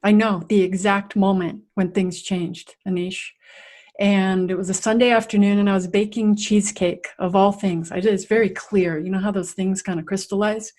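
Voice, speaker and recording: Middle-aged woman guest on a podcast, animated storyteller, acts stuff out, mid pitch. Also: normal speed. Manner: vivid, animated storyteller who acts out scenes. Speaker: guest, resilience coach. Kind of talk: personal storytelling in a podcast interview.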